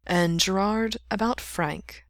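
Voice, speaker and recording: A woman voicing a calm, gentle male friend who speaks in a measured, reassuring way, in a storybook reading. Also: medium pitch, dry recording, studio quality.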